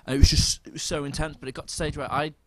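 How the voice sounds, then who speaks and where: A man co-hosting a podcast in casual chat, excitably telling stories and acting out quoted exchanges. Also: a little high, very fast, very noisy. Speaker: podcast co-host.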